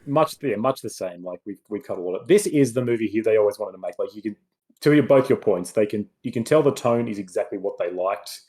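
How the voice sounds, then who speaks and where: Male podcast co-host, very expressive pitch, eager to argue. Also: fast talker. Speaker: podcast co-host reviewing films. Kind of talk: casual chat.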